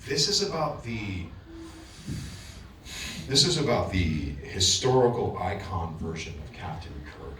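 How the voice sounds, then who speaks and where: A man speaks as a guest on a convention panel, telling a story in a loose, animated way and often restarting his sentences. He sounds distant from the mic in a large echoing hall with a faint hum of room noise behind him. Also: sits low, measured pace, long pauses. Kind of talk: casual panel talk.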